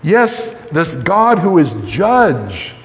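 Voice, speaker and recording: A man's voice: on the high side, big pitch swings, drawn-out words. A man preaching a sermon in an emphatic way, often repeating words as he starts a sentence. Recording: long reverb of a hall.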